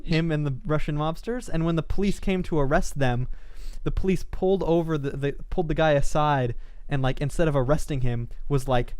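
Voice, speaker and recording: A man chatting casually while playing a game, drifting into long rambling stories and chuckling often. His voice is smooth and resonant. The recording is dry and close. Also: on the high side, fairly quick, hardly any pauses, a little mellow, dry recording. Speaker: let's play host. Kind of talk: casual gaming chat.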